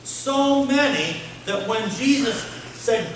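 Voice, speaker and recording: A man preaching a sermon as pastor, telling the story in an animated way, with playful sound effects and questions to the congregation. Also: high voice, measured pace. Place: church sanctuary. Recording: very echoey church room from a distance with noise.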